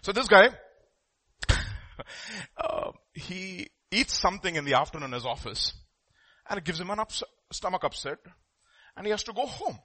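Man, sermon, animated, acts out quotes, swooping pitch. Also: normal speed, pauses often, breathy edge. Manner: animated, acts out quoted voices, repeats words. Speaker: pastor.

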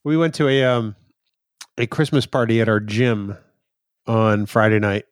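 A man's voice: fairly low pitch, unhurried, dry recording, studio quality. A man co-hosting a podcast in casual chat, teasing his partner and laughing often. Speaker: podcast co-host.

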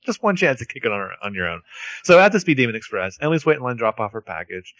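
A man's voice: medium pitch, sing-song, rapid-fire, fairly bright tone, no room sound. A man co-hosting a podcast, retelling a TV episode with wry, sarcastic asides. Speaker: podcast co-host. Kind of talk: casual TV recap chat.

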